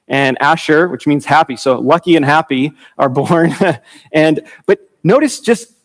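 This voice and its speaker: A man preaching a conversational Bible teaching, informal, with fillers, restarts and chuckles. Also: on the high side.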